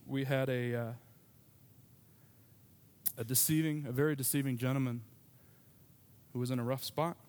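A man preaches a sermon in an easy, storytelling way, breaking off now and then for quick asides. His voice sits at a middle pitch. He sounds like a pastor telling his congregation about his own life. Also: fairly even intonation, darkish tone.

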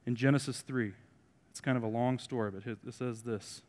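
A man preaching to his congregation, throwing in wry jokes between points. His voice swings from loud emphatic lines to quiet asides, sitting at an ordinary middle pitch. The sound carries a long reverb from the hall. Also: steady tone, moderate pace. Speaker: pastor. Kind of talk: sermon.

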